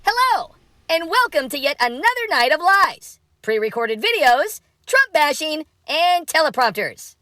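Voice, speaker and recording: A woman's voice: sits high, sing-song, a little slow, sharp tone, no room sound, clean studio sound, full character voice. A woman playing a sarcastic, mock-cheerful convention announcer in a comedy sketch.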